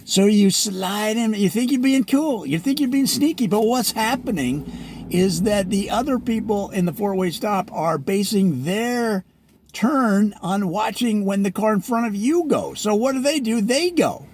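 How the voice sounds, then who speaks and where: A man with a high voice, lecturing his listeners in a comedic parody rant. He sounds preachy and mock-exasperated, and every so often he rises into full shouts. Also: lively intonation, a little slow, a little hiss or hum. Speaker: comedic presenter.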